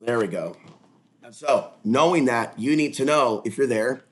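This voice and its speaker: A man rambling through an erratic livestream monologue, hopping between topics and breaking into sudden loud outbursts. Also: medium pitch, expressive, moderate pace. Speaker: livestream host.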